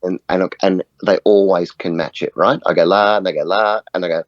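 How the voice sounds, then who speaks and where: A very low-voiced man speaks earnestly in a relaxed podcast chat. His stories run along steadily, with frequent little "right?" check-ins. The sound is dry and close but a bit dull and muffled. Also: fairly quick, no room sound. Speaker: guest, music facilitator. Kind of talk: conversational podcast interview.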